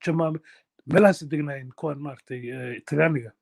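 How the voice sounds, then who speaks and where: A man's voice: on the high side, moderate pace, gravelly, a little mellow, no echo. A young man in casual chat, switching into Somali and calling his friends bro. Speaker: open mic speaker.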